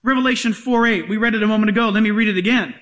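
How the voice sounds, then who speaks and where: A man's voice: high voice, rapid-fire, fairly bright tone. A male pastor preaching a sermon to a congregation, emphatic and joking with the room.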